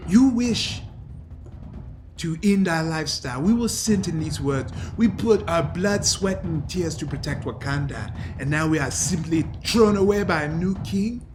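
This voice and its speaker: A man's voice: on the high side, unhurried, background noise, natural voice. A man voicing a battle-hardened, scarred warrior in his forties who speaks in proud, defiant speeches. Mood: bitter.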